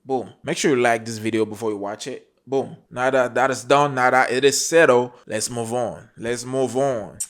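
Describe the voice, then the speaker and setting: A man's voice: mid-range voice, steady tone, clear, resonant tone. Hyped-up man repeating catchphrases. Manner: repetitive hype catchphrases, drawn-out asides. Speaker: reaction channel host. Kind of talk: casual video reaction.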